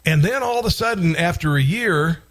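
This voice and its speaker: A man's voice: fairly high pitch, animated, brisk, a bit bright. A man hosting a political talk show, delivering an indignant, rambling commentary monologue with frequent restarts and bursts of outrage.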